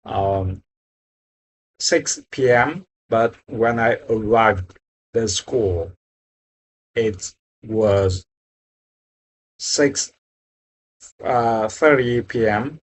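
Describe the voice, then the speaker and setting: A young man learning English, speaking haltingly and searching for words, often apologizing in a casual practice conversation. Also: lowish voice, a little hiss or hum, low-quality recording.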